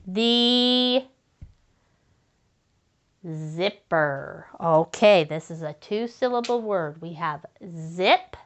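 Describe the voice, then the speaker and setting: A woman teaching young children to write sentences, sounding out letters slowly and praising them. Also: on the low side. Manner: slow and encouraging, sounding out letters. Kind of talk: early-grade writing lesson to children.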